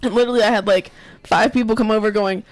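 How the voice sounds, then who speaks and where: A woman co-hosting a podcast, telling animated stories in casual chat and quoting people as she goes. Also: mid-range voice, fast talker, dry recording, low-quality recording. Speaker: podcast co-host.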